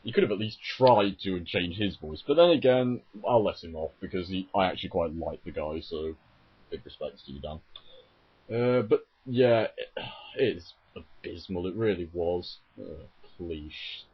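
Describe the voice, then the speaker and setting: A man's voice: sits low, a little slow, husky. A man ranting on video about an anime dub, exasperated and sarcastic, often correcting himself mid-sentence. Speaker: YouTuber reviewing an anime dub. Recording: dull lo-fi home mic.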